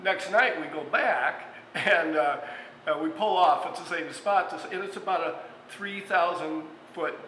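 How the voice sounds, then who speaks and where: A chatty male chef, his voice bright and on the high side, tells stories between recipe steps, full of fillers and little chuckles. He is recorded in a restaurant bar with a long, ringing reverb and a faint hum behind him. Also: measured pace. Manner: chatty storyteller, frequent fillers, chuckles mid-sentence. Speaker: restaurant executive chef hosting a cooking show. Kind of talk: casual cooking demonstration with anecdotes.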